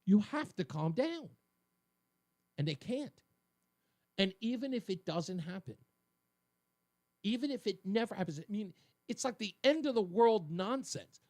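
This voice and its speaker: A man hosting a talk radio show, delivering an emphatic, argumentative opinion monologue that swings between loud and low. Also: very animated, measured pace, pauses often, no room sound, clean studio sound.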